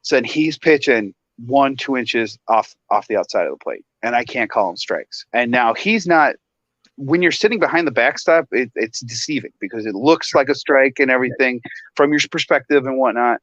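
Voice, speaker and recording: A man on a casual talk show, animated and laughing often as he tells a story. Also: mid-range voice, moderate pace, no echo, lo-fi sound. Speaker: guest.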